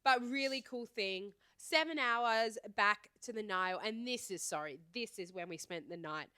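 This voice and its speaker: A young woman co-hosts a podcast, trading stories in a playful, animated way. Her voice is bright and forward, recorded close on a dry mic with no room sound. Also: medium pitch, normal speed, no room sound. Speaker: podcast co-host. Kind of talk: casual chat.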